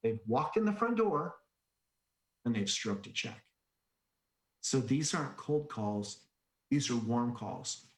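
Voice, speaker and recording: A man giving an energetic sales-training presentation, telling stories and asking rhetorical questions. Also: mid-range voice, slow pace, pauses often. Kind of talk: conference presentation. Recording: echoey room.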